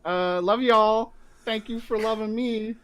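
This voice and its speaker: A man's voice: sits high, steady tone, measured pace, a bit bright, clean tone. A man voicing a cocky young male superhero with a put-on Brooklyn accent, breezy and laid-back.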